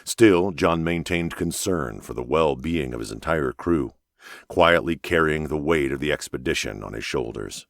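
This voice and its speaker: A male audiobook narrator with a very deep, low voice, reading a thriller in a measured, even way. The recording is close and dry, with no room sound. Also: no echo. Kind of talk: scripted narration.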